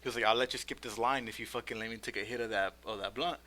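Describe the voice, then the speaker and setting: Fast-talking profane young man, bright voice. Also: mid-range voice, steady tone. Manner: profane slangy storytelling with loud mocking quotes. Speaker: podcast co-host. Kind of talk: casual storytelling chat.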